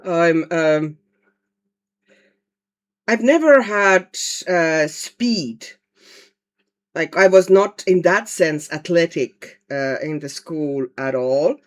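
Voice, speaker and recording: A woman's voice: low-pitched, lively intonation, drawn-out words, long pauses. A woman from Estonia, chatting casually at home on a livestream while colouring and answering viewer comments. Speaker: livestream host, colouring artist.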